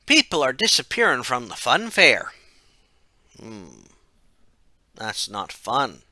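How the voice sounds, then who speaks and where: A man's voice: mid-range voice, sing-song, takes it slowly, bright, forceful tone, no echo. A man narrating a casual game retrospective, rambling, correcting himself and dropping wry asides. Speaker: game reviewer.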